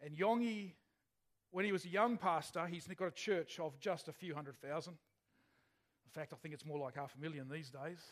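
A male preacher with a notably high voice gives a relaxed, conversational sermon. He keeps turning questions back to his congregation as he tells a story. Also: normal speed. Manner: chatty, asks the congregation questions. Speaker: pastor.

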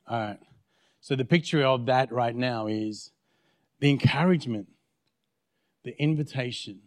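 Pastor telling a story in a dry-sounding sermon. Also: male voice, medium pitch, no room sound. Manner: storytelling, acts out quoted dialogue. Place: church.

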